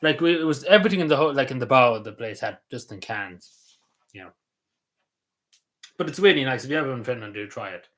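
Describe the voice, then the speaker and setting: A man's voice: medium pitch, expressive, quick pace, long pauses, a bit bright. An Irish man streaming a casual chat. He rambles loosely, with lots of ums, uhs and likes. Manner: meandering, full of ums and likes.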